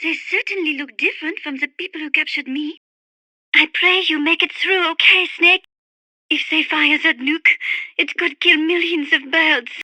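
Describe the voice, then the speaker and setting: An actress voicing a refined, dreamy young French woman birdwatcher in game radio calls, with a French accent and a breathy manner. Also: high voice, steady tone, moderate pace, pushed and bright, no room sound. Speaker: radio support character.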